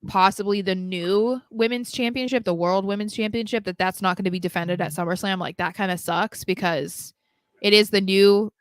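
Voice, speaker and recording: A woman's voice: medium pitch, steady tone, moderate pace, no echo. A woman co-hosting a wrestling podcast, chatting casually and often restarting her sentences. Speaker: podcast co-host.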